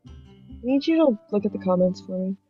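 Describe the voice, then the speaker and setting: A woman's voice: mid-range voice, lively intonation, fairly quick, dull audio, faint music behind. Giggly woman on a panel, making fun of herself, mid voice. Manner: self-deprecating and giggly. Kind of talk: casual panel chat.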